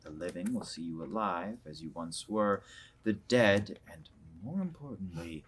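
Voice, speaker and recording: A man's voice: sits low, lively intonation, measured pace, slight background noise. An actor playing a grand, theatrical male mage in a script reading. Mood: grandiose. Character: scheming showy male mage, grandly formal.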